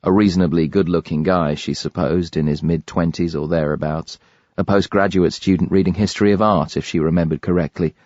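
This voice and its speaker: Man narrating an audiobook, very low voice, measured and grave, dry muffled recording. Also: fairly even intonation, a little mellow, dry recording. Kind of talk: scripted narration.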